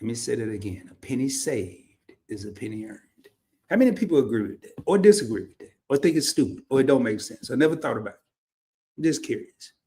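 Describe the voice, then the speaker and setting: A man's voice: mid-range voice, animated, fast, dark tone. A man from Arkansas with a Southern accent, hosting a livestream and telling stories in a laid-back, drawling way. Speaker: livestream host. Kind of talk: casual storytelling monologue.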